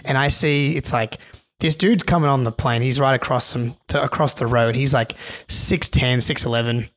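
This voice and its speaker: Excitable young man telling a story. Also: mid-range voice, normal speed. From Australia. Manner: animated, excitable, many restarts and fillers. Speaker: podcast co-host. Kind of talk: casual storytelling.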